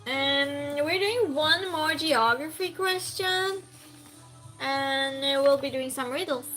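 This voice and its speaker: A woman hosts live-stream trivia, casually reading out and responding to her viewers' messages. Her high-pitched, sharp-toned voice takes things slowly, over soft background music in a rough recording.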